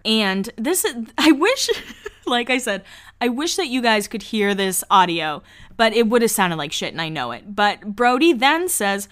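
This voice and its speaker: A young woman hosting a podcast, recapping a reality show in a gossipy, casual way with low asides. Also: lively intonation, moderate pace, a bit bright, smooth. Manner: chatty, gossipy, laughs often, drops into low asides. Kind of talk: casual chat.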